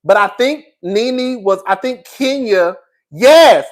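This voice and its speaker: A man's voice: high-pitched, takes it slowly. Campy, profane man chatting with viewers. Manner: animated, profane, campy, laughs often; calls listeners girl and honey. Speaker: YouTube commentator. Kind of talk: casual live chat with viewers.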